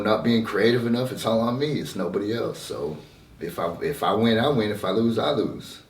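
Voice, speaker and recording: A man, a poet and home musician, telling his life story candidly in a documentary interview, full of "you know" fillers. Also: deep voice. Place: home apartment. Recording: roomy sound from a distance, faint noise.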